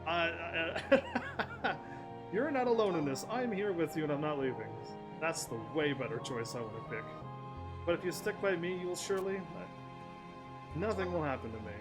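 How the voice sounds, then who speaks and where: A man's voice: on the high side, big pitch swings, moderate pace, long pauses. A man casually commentating while playing a game, reading the dialogue aloud, often laughing and playful. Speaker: gaming streamer. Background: game music.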